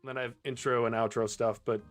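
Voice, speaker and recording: A man's voice: medium pitch, little pitch movement, brisk, soft background music. A young man chatting casually with his viewers while he plays a game on stream, laughing often. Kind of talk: casual live-stream chat while gaming.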